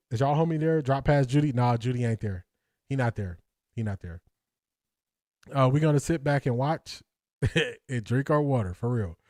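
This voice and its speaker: A man's voice: mid-range voice, a little mellow, dry recording, clean studio sound. A man hosting a casual live stream, reading comments aloud, laughing often and repeating catchphrases in slangy talk. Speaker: host.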